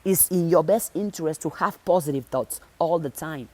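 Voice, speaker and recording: Speaking to her audience in a motivational talk, this woman is direct and insistent, repeating phrases over and over to drive her message in. She has a low-pitched, darkish voice at a moderate pace, recorded with no room sound.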